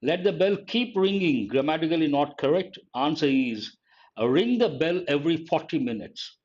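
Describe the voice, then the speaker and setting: A man teaching English grammar in a live online lesson, speaking slowly, repeating key phrases and quizzing his viewers. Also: fairly high pitch, expressive, darkish tone, highs cut off.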